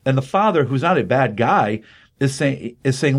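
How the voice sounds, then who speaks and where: A middle-aged man in his fifties hosting a casual chat, walking through a comic's plot with plenty of fillers. His voice is mid-pitched and ordinary, carried by animated storytelling. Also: moderate pace, husky. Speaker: podcast host. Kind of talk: casual comic-book recap.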